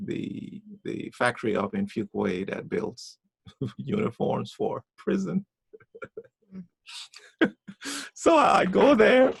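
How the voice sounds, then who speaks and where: Gravelly man telling a story. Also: medium pitch, no room sound. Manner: repeats and restarts words, animated when telling stories. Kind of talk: casual conversation, personal storytelling.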